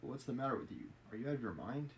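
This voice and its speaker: A man's voice: medium pitch, sing-song, very fast, slight background noise, rough recording. A man reading aloud as a pompous, self-righteous male official. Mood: indignant. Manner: pompous, indignant. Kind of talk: reading a novel aloud on a live stream.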